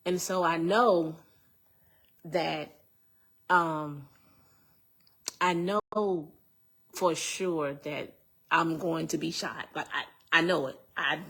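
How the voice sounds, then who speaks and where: Slow, low-voiced woman telling her testimony. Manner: earnest, repeats phrases, halting restarts. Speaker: speaker giving a personal testimony. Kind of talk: emotional personal storytelling.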